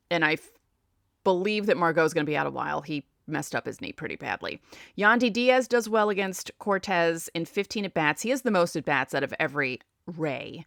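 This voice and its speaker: A woman's voice: fairly low pitch, no room sound, clean studio sound. A woman with a New York accent hosting a casual solo sports podcast, chatting and thinking aloud as she reads out stats. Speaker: podcast host.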